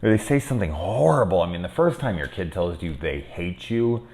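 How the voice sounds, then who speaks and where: A man in his thirties giving a casual, candid spoken review of a horror film, often cursing and swinging between quiet musing and loud exasperation. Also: deep voice, very animated, moderate pace.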